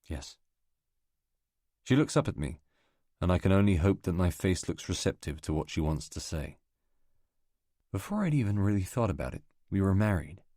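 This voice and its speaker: A man narrating a novel as an audiobook reader, in a measured, even delivery. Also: deep voice, dry recording, clean studio sound. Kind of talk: scripted narration.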